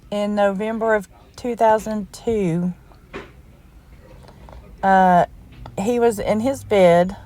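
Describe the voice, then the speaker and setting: A woman's voice: mid-range voice, darkish tone. A middle-aged woman chatting in a casual, folksy voice-over, rambling and heartfelt as she tells a family story. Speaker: crafting vlogger.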